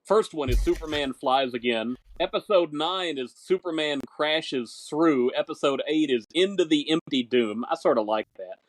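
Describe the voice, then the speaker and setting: A man's voice: fairly high pitch, animated, normal speed, hardly any pauses, no echo, rough recording. A man co-hosting a podcast, chatting casually about an old film serial, rambling and searching aloud for words. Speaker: podcast co-host. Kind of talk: casual chat.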